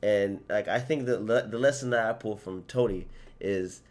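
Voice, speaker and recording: A man co-hosting a casual podcast, telling the story in an upbeat, animated way. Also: lowish voice, normal speed. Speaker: podcast co-host.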